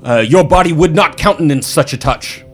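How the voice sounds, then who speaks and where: A man's voice: fairly high pitch, moderate pace, soft background music, pitched above the performer's own voice, lightly acted. Man putting on a cryptic, grandly formal driver. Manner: archaic, grand and cryptic speech. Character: mysterious formal male driver of a strange vehicle.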